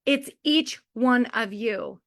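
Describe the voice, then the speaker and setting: A woman's voice: a little high, takes it slowly, fairly bright tone. A woman in her forties giving a heartfelt motivational talk to a community of mothers, chatty and full of "like" and small laughs. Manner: chatty, lots of filler "like", laughs often.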